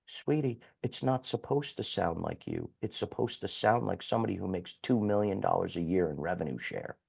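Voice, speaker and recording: A man's voice: low voice, moderate pace, vocal fry, breathy edge, full character voice. Sweet, cutting Southern lady mentor, told by a man. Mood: sweetly cutting. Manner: soft, polite and cutting.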